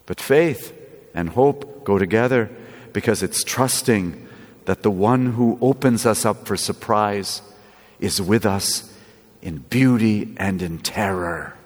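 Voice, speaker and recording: A man preaching a sermon, slow and lively, with playful asides. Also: on the low side. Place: church. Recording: echoey church with long reverb.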